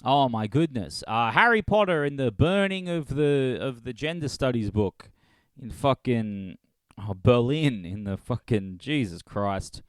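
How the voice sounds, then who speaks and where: A man's voice: medium pitch, expressive, unhurried, clean tone, no echo. A man hosting a solo comedy podcast, rambling and swearing as he laughs at his own jokes. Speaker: podcast host.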